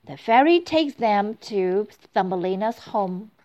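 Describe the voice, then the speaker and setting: A woman narrating a children's storybook, slow, clear and expressive. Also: mid-range voice. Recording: dull lo-fi recording.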